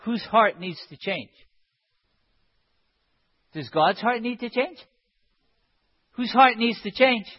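A man's voice: extremely high pitch, expressive, takes it slowly, pauses often, husky. A man preaching a sermon in an impassioned way, building up to emphatic cries. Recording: dull sound in a reverberant hall.

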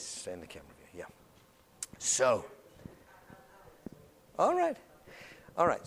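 A man giving an anecdotal classroom lecture, acting out little dialogues and often repeating words as he talks. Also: high-pitched. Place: lecture room filmed on camera.

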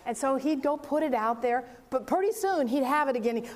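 An older woman preaching, telling a story with lively acted-out dialogue. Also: sits high, brisk, few pauses. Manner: animated storyteller acting out dialogue. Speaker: speaker. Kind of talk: sermon storytelling.

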